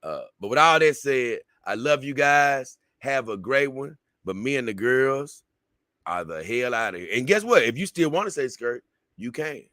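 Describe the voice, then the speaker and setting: A man's voice: mid-range voice, sing-song, normal speed, pushed and bright, no echo, clean studio sound. A man hosting a livestream and signing off in a loose, rambling way, calling viewers "man" and "baby.". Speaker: livestream host. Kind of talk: casual livestream sign-off.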